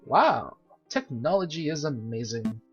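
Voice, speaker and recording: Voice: medium pitch, very animated, unhurried, husky, faint music behind. A game player voicing a chirpy, cheeky male sparrow assistant with a teasing manner, on a slightly dull lo-fi recording.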